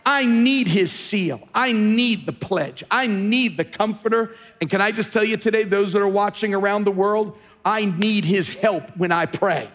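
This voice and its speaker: A man's voice: high voice, unhurried, few pauses, fairly bright tone, big-room sound. A man pastor preaching a sermon, telling a story with quoted speech and building to fervent exhortation. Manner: storytelling, quoting others, rising to fervent exhortation.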